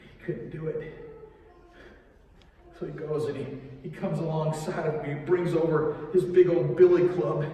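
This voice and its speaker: A man plays a weathered cross builder haunted by guilt, speaking in halting bursts with nervous restarts. His voice sits fairly high for a man. It carries from far off through a big, ringing church hall. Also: fairly even intonation, mellow, close to an everyday voice. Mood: angry. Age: older. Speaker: church drama performer. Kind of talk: first-person dramatic monologue. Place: large echoey church sanctuary.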